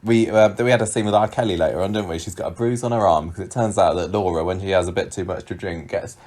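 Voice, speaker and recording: A man co-hosting a podcast, casually recapping a soap episode with frequent chuckles and musing pauses. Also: low-pitched, a little mellow. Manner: chatty, giggly, drawn-out musing pauses. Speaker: podcast co-host.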